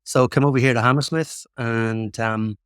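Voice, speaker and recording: An Irish man in his fifties talks as a guest, telling stories in a loose, chatty way full of ums and restarts. His voice sits at a middling pitch. The sound is close and dry, with no room echo. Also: fairly even intonation, moderate pace, a bit bright, clean tone. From Ireland. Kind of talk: casual interview chat.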